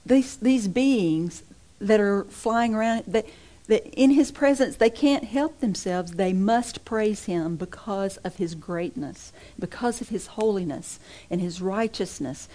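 A woman's voice: medium pitch, expressive, unhurried, dark tone. A middle-aged woman, a preacher's wife, delivering an emphatic, repetitive and impassioned sermon.

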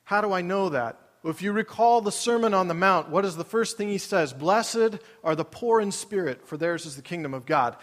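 A man's voice: high voice, lively intonation, normal speed, hardly any pauses. A man preaching a sermon to a large congregation in a conversational way, often putting questions to the room. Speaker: pastor. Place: large church auditorium. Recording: long hall reverb.

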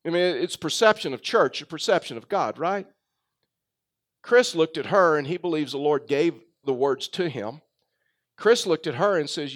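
A man's voice: a little high, expressive, normal speed. A man preaching a sermon, telling a story with frequent fillers and restarts. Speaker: pastor.

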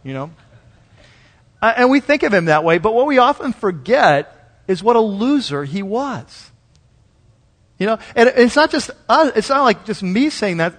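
A man with a high voice delivers a sermon, casual and animated, slipping into little acted-out voices. The recording is live in a church sanctuary, with a long hall reverb trailing his words. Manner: conversational and animated, acts out quoted voices. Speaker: pastor.

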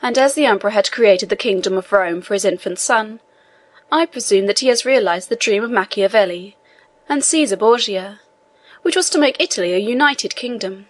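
A woman with a medium-pitched, everyday-sounding voice reads at a moderate pace with no echo. She voices an elderly imprisoned priest, an eager scholar, who speaks in an earnest, pressing manner.

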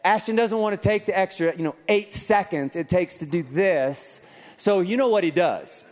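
Animated pastor in a reverberant hall. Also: male voice, sits high, moderate pace. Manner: humorous storytelling. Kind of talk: sermon. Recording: long reverb in a large hall.

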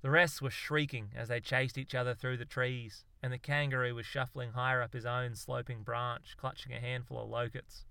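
Crisp male storyteller. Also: medium pitch, level tone, moderate pace, few pauses, pushed and bright, no echo. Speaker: narrator. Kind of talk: audiobook narration.

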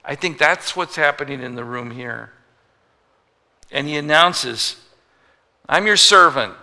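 A man preaches with a very bright, forceful tone, and his voice rings out with long reverb as if in a large church. He tells the story in an animated way, asking rhetorical questions and dropping joking asides. The delivery is that of a pastor in the pulpit. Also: medium pitch, measured pace. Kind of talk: sermon.

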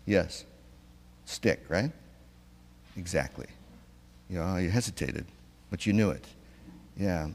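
Male preacher, conversational sermon, animated intonation, reverberant church. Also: low-pitched, slow pace, creaky, pauses often. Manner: conversational, asks the congregation questions.

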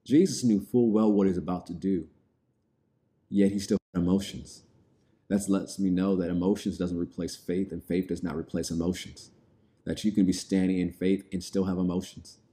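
Male preacher, deep mellow voice, reads verses then unpacks them plainly. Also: steady tone, normal speed. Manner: reads scripture aloud then explains it plainly. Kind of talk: sermon.

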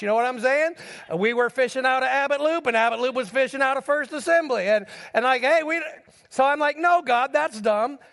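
A middle-aged man with a notably high voice preaches to his congregation, telling stories from his own life. His words ring out with a long reverb in a large church hall. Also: fairly bright tone. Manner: storytelling preacher addressing the congregation directly. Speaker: pastor. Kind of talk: sermon.

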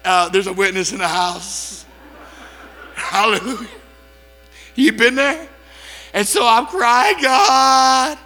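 High bright-voiced preacher guy telling a story, super animated, shouty bits, echoey hall, a little music under it. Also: measured pace. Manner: animated, acts out quotes, bursts into shouts. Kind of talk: storytelling sermon.

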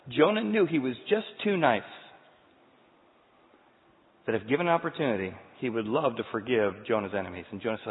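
A male pastor preaching a sermon, telling the story in an animated way and moving between loud and quiet passages. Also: mid-range voice, brisk, long pauses. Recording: tinny sound, long hall reverb.

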